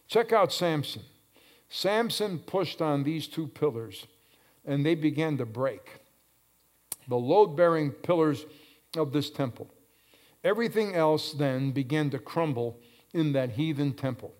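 A pastor with a fairly high voice delivers a fervent sermon. He swells into loud, drawn-out calls, then drops to hushed, low phrases, repeating and hammering key words again and again for emphasis.

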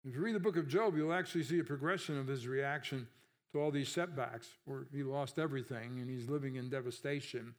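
A man's voice: mid-range voice, fairly quick. A man pastor delivering a conversational sermon, asking the congregation rhetorical questions and lifting his voice sharply on emphasized words.

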